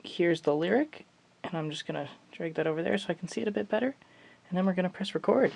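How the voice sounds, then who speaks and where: A man's voice: high voice, fast, vocal fry. A man talking in a jokey, self-mocking way in a comedic vlog, working as a musician in his home studio. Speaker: musician vlogger.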